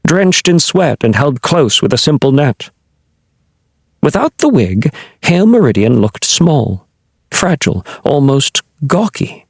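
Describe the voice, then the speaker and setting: A man reads a children's fantasy audiobook with a lively, expressive delivery. His voice is husky and slightly breathy, and the sound is dry and close. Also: mid-range voice, no room sound. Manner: expressive, animated storytelling. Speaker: audiobook narrator. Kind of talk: audiobook narration.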